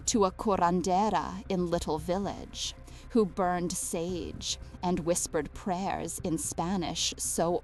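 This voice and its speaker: A woman giving a scripted horror story narration, slow, hushed and deliberate. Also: on the low side. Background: faint music.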